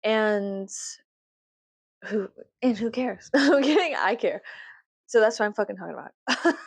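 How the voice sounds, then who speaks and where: A woman's voice: medium pitch, normal speed, long pauses, no room sound. Woman, Southern US accent, casual rambling vlog, swears a lot, self-mocking, laughs often, dry close sound. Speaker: YouTuber.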